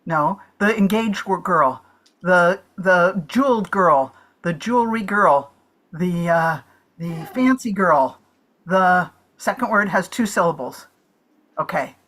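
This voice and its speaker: Slow, animated woman thinking aloud. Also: medium pitch. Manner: rambling guesses, restarts and giggles. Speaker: comedian playing charades. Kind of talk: thinking aloud while guessing. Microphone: video call.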